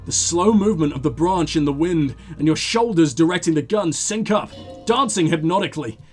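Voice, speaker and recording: A man hosting a video game playthrough reads the narration aloud in a high, lively voice that swings a lot in pitch. He trips over words and backs up to fix them, adding quick remarks of his own. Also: husky, soft background music. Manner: animated, stumbles and corrects himself while reading. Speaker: let's play host. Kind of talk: reading game text aloud with commentary.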